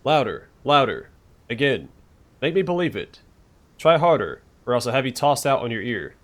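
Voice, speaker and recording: A man's voice: medium pitch, big pitch swings, normal speed, lightly acted. A man reading the lines of a cocky, greedy young rogue in a game, talking breezily and teasing. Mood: bossy.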